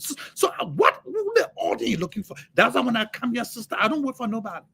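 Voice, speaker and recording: A man preaches with fervor on a livestream. His voice is gravelly and husky, and it swings widely in pitch. He repeats words and breaks into sudden shouts. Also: very animated, fast talker, hardly any pauses. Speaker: motivational speaker.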